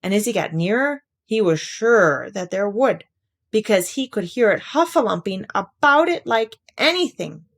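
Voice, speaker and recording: Animated woman reading a storybook aloud. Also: mid-range voice, moderate pace.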